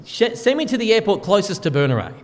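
An earnest, determined preacher speaks with urgent pleading, as a man acts him out in a sermon. His voice sits a little high and carries a long echo through the hall. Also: very animated, fast talker, darkish tone.

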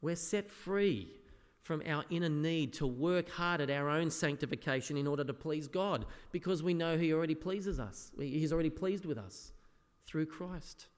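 A man preaching an earnest sermon as a pastor, often dropping to a soft, quiet voice. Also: fairly high pitch, moderate pace, few pauses. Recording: echoey hall with long reverb.

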